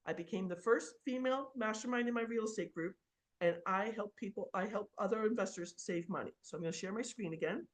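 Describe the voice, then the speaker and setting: A woman's voice: mid-range voice, a little fast. A middle-aged woman, a real estate investor, telling a personal story about taxes in a casual, chatty way with many fillers while sharing her screen.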